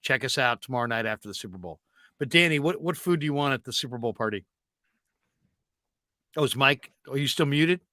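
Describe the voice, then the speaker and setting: A man's voice: mid-range voice, animated, fairly quick, pauses often, pushed and bright, no echo, studio quality. A middle-aged man hosting a casual sports talk show, telling stories animatedly with casual swearing and plenty of fillers. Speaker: show host.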